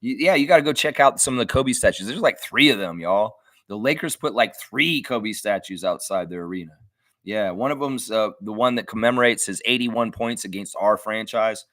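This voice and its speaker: A man's voice: lowish voice, normal speed, no echo. Chatty man hosting a live fan stream. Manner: chatty and animated, gets loud and excited at friends' shout-outs. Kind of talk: casual live-stream chat, reading viewer comments.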